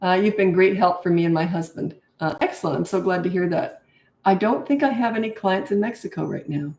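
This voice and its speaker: A woman's voice: brisk, a little mellow. An older woman coaching parents in a live question-and-answer session, direct and matter-of-fact. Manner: direct, matter-of-fact advice, acts out kids in high voices. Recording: echoey room.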